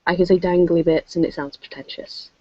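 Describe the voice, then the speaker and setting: An English woman chatting on a video call, self-mocking and quick to laugh. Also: lowish voice, steady tone, darkish tone, no echo. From England. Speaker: show regular. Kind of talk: casual chat on a video call. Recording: dull lo-fi call audio.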